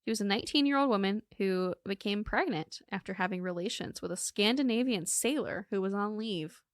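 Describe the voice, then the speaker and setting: A woman's voice: mid-range voice, a little fast, no echo, studio quality. A woman co-hosting a podcast, telling a true crime case in a casual, joking way and laughing often.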